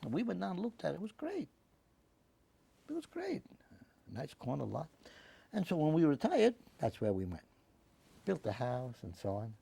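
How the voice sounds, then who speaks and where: A man, telling his life story in a rambling, halting way in an oral history interview. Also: medium pitch, sing-song, vocal fry, warm tone, slightly rough. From Staten Island, New York. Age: 90s. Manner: rambling, halting, with many restarts. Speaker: interviewee, WWII veteran.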